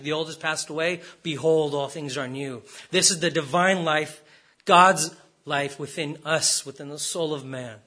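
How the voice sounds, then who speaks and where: A man's voice: on the high side, bright, forceful tone. A man preaching a sermon as pastor, stressing words and repeating rhetorical questions.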